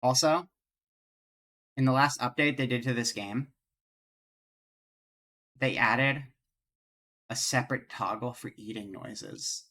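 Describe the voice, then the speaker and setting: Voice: mid-range voice, slow, long pauses, pushed and bright. A game streamer chatting casually with viewers and reading game dialogue aloud during a live stream.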